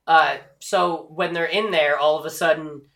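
A man co-hosting a casual film chat, enthusiastic and quick to chime in. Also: on the high side, steady tone, creaky, a bit bright. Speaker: podcast co-host. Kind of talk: casual movie recap chat.

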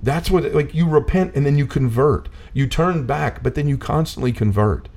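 A man's voice: on the high side, moderate pace, darkish tone. A man talking earnestly about faith in a casual discussion, full of "like" fillers, building to a preachy intensity.

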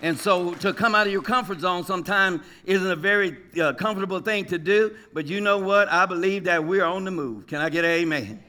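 Man, preacher, high and bright, lively call-and-response sermon with joking impressions. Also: a little fast, hardly any pauses, some chatter behind. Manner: call-and-response, asks the congregation questions; lively, jokes, mimics people.

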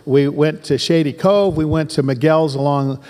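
A man's voice: on the high side, moderate pace, darkish tone, big-room sound. A man in his sixties from southern Oregon, a pastor giving an emphatic sermon full of repetition and folksy asides.

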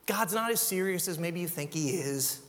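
A man preaching a sermon, animated, acting out quoted voices as he talks. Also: sits high, moderate pace, in a large hall. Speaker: pastor.

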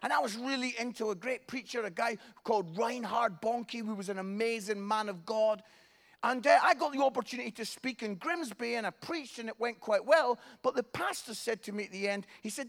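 High-voiced jokey preacher. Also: male voice, a little fast, creaky. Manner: jokey, animated storytelling. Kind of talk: sermon.

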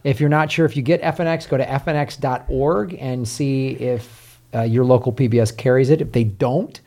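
A man's voice: mid-range voice, fairly even intonation, moderate pace, warm tone. A man co-hosting a comedy podcast, joking around and plugging his tour dates. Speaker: podcast co-host. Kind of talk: casual comedy podcast chat.

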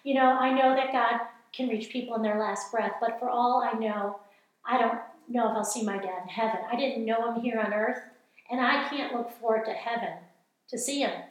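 A woman's voice: on the high side, fairly even intonation, moderate pace. A middle-aged woman giving a passionate, earnest evangelical teaching talk, urging her listeners on. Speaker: speaker. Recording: very echoey room.

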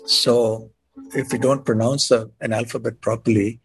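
Husky man explaining patiently, clearing throat. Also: medium pitch, level tone, soft background music. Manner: measured, frequent throat clearing, sips to soothe throat. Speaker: guest monk. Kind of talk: explanatory podcast conversation.

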